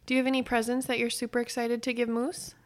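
A woman's voice: a little high, flat delivery, fast talker. A woman co-hosting a podcast, chatting casually and playfully with her co-host. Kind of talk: casual chat.

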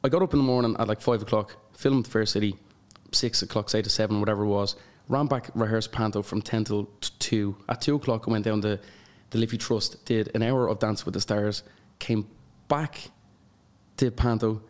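A young man with an Irish accent, a guest telling stories in an animated way and laughing often. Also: lowish voice, normal speed. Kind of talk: casual chat.

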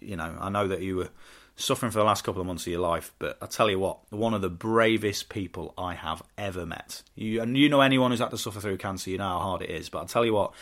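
A man hosting a casual solo podcast, heartfelt and rambling with restarts, bursting into excitement now and then. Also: deep voice, quick pace. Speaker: podcast host and wrestling promoter.

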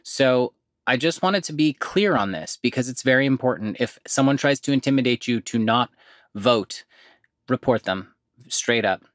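An earnest male podcast host speaking at a middle pitch, direct and practical. He slows down carefully when he reads out numbers and adds the odd casual aside. The recording is dry and close, with no room sound. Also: lively intonation, no room sound. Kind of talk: informational podcast talk.

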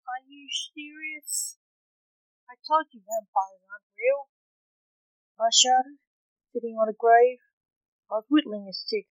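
A woman hosting a podcast and reading a gothic short story aloud in a slow, deliberate storytelling manner. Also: a little high, a little mellow, no room sound, poor audio.

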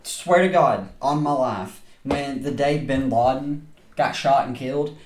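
A man's voice: mid-range voice, unhurried, noisy background. A man co-hosting a casual movie podcast, rambling and laughing often as he jokes. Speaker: podcast co-host. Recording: echoey room with chatter behind.

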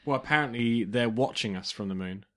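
A man's voice: mid-range voice, fairly quick, a bit bright. A man on a casual chat podcast, earnestly reading out claims. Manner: earnest, reads out claims matter-of-factly. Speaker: podcast co-host reading sources.

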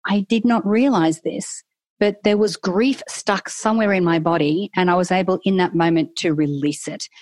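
A woman's voice: lowish voice, moderate pace, a little mellow, dry recording. A middle-aged woman, a guest telling a candid personal story in a casual interview and acting out her own inner voice.

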